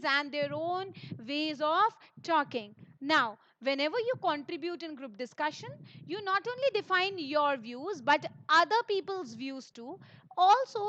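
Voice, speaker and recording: High-voiced upbeat teacher woman. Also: a bit bright, dry recording. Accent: Indian English. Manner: upbeat, encouraging, addresses students directly. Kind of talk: online lesson for students. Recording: dull lo-fi recording.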